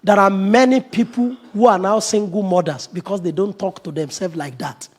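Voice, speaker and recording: A middle-aged man, a pastor, preaching an animated sermon, acting out quoted voices and laughing often. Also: high voice, moderate pace.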